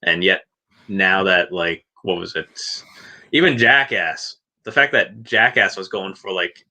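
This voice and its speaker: A man with a lowish but bright, forward voice chats loosely about films and TV on a livestream. He rambles, restarts sentences and laughs between points. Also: unhurried. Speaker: podcast co-host. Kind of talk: casual livestream chat.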